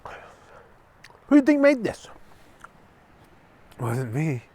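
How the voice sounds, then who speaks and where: A man's voice: fairly high pitch, wildly swooping pitch, takes it slowly, mellow, a little hiss or hum. A man chatting casually to his viewers outdoors at night, rambling and joking, into a clip-on lavalier microphone. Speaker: vlogger. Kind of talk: casual chat to camera.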